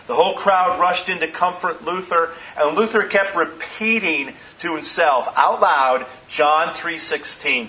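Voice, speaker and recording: Bright-voiced male pastor preaching. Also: a little high, rough recording. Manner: measured preaching with slowed, emphatic phrases. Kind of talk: sermon.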